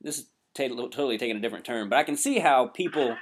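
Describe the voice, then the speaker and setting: A man's voice: mid-range voice, lively intonation, quick pace. A man speaking in a laid-back, reflective, profane way in a casual podcast chat.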